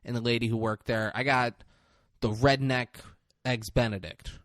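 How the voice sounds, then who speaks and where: A man's voice: mid-range voice, fairly even intonation, normal speed, a bit bright, no echo, studio quality. A young man hosting a podcast in loose, joking banter, swearing freely. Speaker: podcast host.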